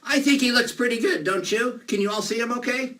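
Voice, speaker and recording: A man performing a children's magic show, playful and animated as he talks to the kids. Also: very high-pitched, brisk. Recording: distant mic, faint noise.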